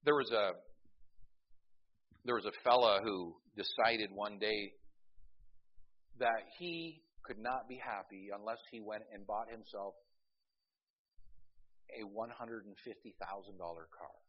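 Husky-voiced male pastor preaching. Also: lowish voice, a little slow, long pauses, muffled recording. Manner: preaching with humorous anecdotes, calling out to the congregation for amens. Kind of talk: sermon.

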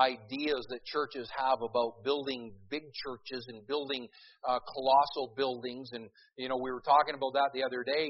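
A middle-aged pastor preaching a sermon in a folksy, storytelling way, with many restarts and emphatic peaks. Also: male voice, medium pitch. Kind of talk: sermon with a humorous opening story. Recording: dull lo-fi recording.

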